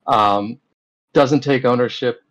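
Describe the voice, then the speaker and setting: A man of ordinary pitch talks loosely as an interview guest, padding his story with fillers and retelling back-and-forth dialogue. The audio is a little dull, with the top end rolled off. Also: slow, a bit bright. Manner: rambling, with many fillers and retold dialogue.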